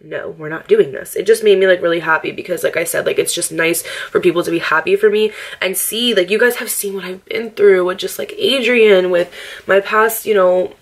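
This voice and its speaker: Chatty young woman, lower voice. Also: fairly quick. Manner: chatty and candid, heavy with "like", swears freely; upbeat and affectionate, laughs often. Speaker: lifestyle vlogger. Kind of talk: casual get-ready-with-me chat.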